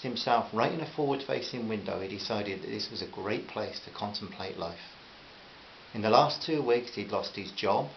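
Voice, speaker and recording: A man reading a short story aloud in a measured, gentle way. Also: on the low side. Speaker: story reader. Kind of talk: scripted narration. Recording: slightly dull with faint hiss.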